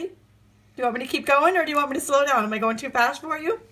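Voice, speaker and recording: A woman chatting through a live unboxing, gushing and excitable, with gasps and squeals of delight. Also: on the high side, quick pace, breathy edge. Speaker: crafting channel host.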